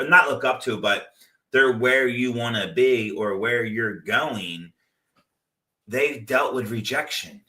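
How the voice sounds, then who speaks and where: A man hosting a real estate investing show, giving a loose, animated motivational talk full of stories and "like". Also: medium pitch. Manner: loose, animated storytelling with frequent "like". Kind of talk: casual motivational talk with anecdotes. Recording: echoey room, distant from the mic.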